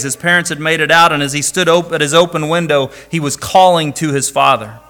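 A man's voice: on the high side, sharp tone. A man preaching a sermon, reading scripture and earnestly pleading with his listeners. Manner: earnest, pleading, rising to emphatic calls. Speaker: pastor.

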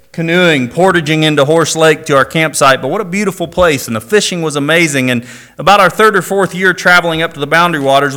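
Middle-aged male preacher from Indiana; bright, forceful sermon voice pitched a bit high, mixing scripture with wry storytelling. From Indiana, USA. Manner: reads scripture, then tells a personal story with dry humor.

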